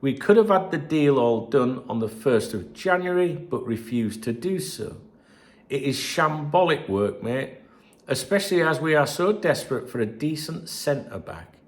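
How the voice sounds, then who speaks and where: A man with a medium-pitched, expressive voice at a moderate pace runs a football channel on his own. He reads out messages and chats with viewers, rambling and swearing freely.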